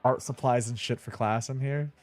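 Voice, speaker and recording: A man's voice: mid-range voice, steady tone, moderate pace, darkish tone, soft background music. A young man chatting casually while playing a video game, laughing easily and swearing now and then. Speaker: streamer. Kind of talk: casual let's-play commentary.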